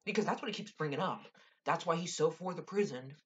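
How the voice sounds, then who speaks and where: Exasperated low-voiced woman ranting. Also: fast, breathy edge. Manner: exasperated, frequent sighs and swearing. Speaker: vlogger. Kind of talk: casual TV recap rant.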